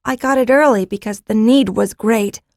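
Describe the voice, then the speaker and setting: A woman voicing a bold, eager young girl with the sight in an audiobook, proud and quick to exclaim. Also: on the high side, vocal fry, darkish tone, no echo, clean studio sound, voice pushed up. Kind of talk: audiobook character reading.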